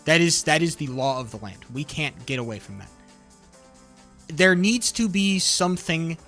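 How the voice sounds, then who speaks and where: A man's voice: on the high side, animated, normal speed, a bit bright, faint music behind. A man livestreaming, ranting about politics in a profane, heated, rambling way. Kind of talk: casual political rant while gaming.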